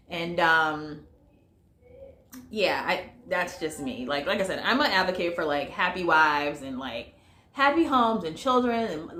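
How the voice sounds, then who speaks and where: A medium-pitched, fairly bright-toned woman from the US records in an echoey room. Addressing viewers as "y'all," she chats through a casual vlog movie review loaded with fillers.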